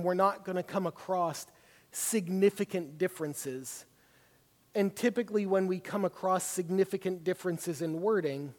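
High-voiced man leading a class. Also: a little mellow, big-room sound. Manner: conversational, many "you know" fillers. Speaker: class teacher. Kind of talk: leading a Bible study class.

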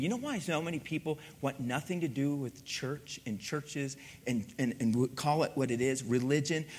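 High-voiced animated male pastor. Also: slightly rough. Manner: animated storytelling, acts out dialogue. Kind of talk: sermon.

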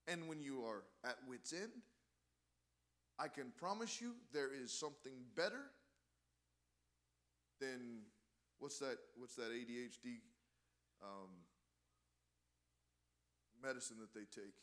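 Man preaching a bible class, gets fired up, bright edgy tone, trips over his words a bit. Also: lively intonation, takes it slowly, long pauses. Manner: impassioned, swelling loud and high on key words; repeats words, restarts phrases. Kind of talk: sermon.

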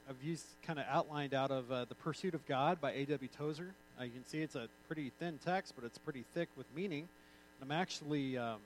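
A man's voice: mid-range voice, a little hiss or hum, rough recording. A male pastor giving an informal, conversational sermon with joking asides.

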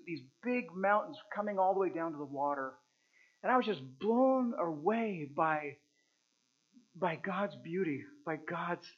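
A man preaching a sermon in a somewhat high voice, earnest and full of halting restarts. He swings between loud bursts and hushed, quiet lines. The recording sounds dull and muffled, with a mains hum underneath. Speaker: pastor.

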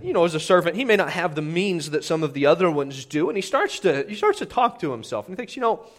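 A man's voice: extremely high pitch, fairly bright tone. A man preaching a sermon, retelling a scripture story conversationally, with frequent restarts and acted-out dialogue. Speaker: pastor. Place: church sanctuary.

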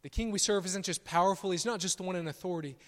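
A pastor preaching a sermon, emphatic on his declarations and softer on quiet asides. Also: high voice, quick pace. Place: church sanctuary. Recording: long church reverb.

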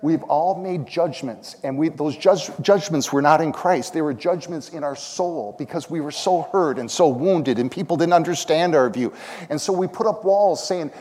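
A man preaching a sermon, telling stories, singing lines of worship songs and building to shouted calls. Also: a little high. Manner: storytelling, sings lines of songs, rises to shouts. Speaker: pastor. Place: church sanctuary. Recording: long hall reverb.

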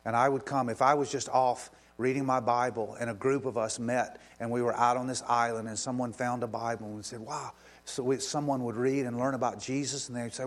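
A man preaching from the pulpit with a mid-range voice. He talks plainly and earnestly, then swells into fervent questions. When he turns to prayer his voice drops soft and hushed. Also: mid-range voice, level tone, brisk. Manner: impassioned, rising to emphatic questions. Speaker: pastor. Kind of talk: sermon.

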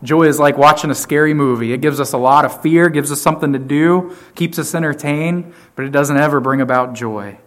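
A man's voice: on the high side, fairly quick, few pauses. Emphatic male pastor preaching. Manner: emphatic, repeats key phrases, dynamic swings in loudness. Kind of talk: sermon.

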